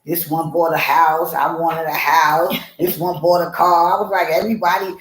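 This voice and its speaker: A woman author telling a personal story in an animated way, acting out the voices of the people in it. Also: low-pitched, normal speed, echoey room, rough recording. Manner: expressive, acts out voices in her story. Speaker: author guest.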